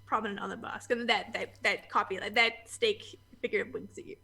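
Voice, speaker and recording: A woman's voice: mid-range voice, fairly even intonation, fairly quick, gravelly, pushed and bright, husky. A woman narrating a tabletop game as game master, descriptive and full of fillers.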